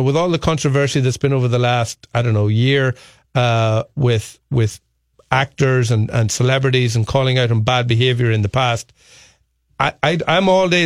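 An Irish man trading banter on a talk radio show, chatty and quick to poke fun at himself. His voice sits at a middling pitch. The studio sound is dry and close. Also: smooth, no echo. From Ireland. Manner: chatty, self-mocking, storytelling. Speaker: radio co-host.

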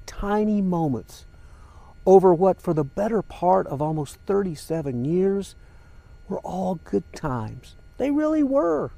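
A man's voice: sits high, vocal fry, warm tone. An older man hosting a podcast, talking earnestly and emotionally straight to his listeners in a personal, reflective monologue. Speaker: podcast host.

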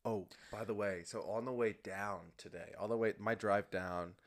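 A man's voice: on the low side, steady tone, moderate pace. A young man co-hosting a podcast in casual chat, rambling with many "like" fillers and laughing easily. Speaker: podcast co-host.

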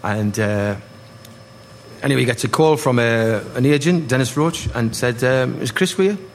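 A man, telling lively football stories to a live audience and acting out the voices. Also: medium pitch, measured pace. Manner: animated anecdotes, acting out voices, laughing. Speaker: guest, former footballer. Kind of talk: live storytelling on stage. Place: live party event. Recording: noisy live room.

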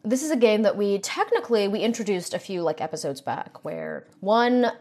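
Young woman cohosting a podcast, joking around, pitch right in the middle. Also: animated, normal speed, darkish tone. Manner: jokey, drives the segment. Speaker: podcast co-host. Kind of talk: casual chat.

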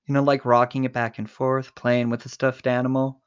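A man's voice: mid-range voice, flat delivery, normal speed, clear, resonant tone, dull audio. A man co-hosting a casual movie podcast, retelling scenes in detail and laughing often. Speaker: podcast co-host.

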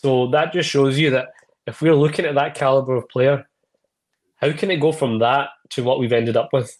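Male panelist, measured and analytical, casual podcast delivery. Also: medium pitch, fairly even intonation. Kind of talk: casual football chat.

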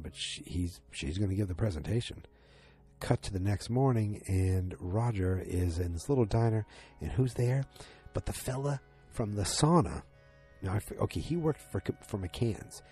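A man casually recapping a TV episode. He rambles excitedly and acts out the lines he quotes. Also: sits low.

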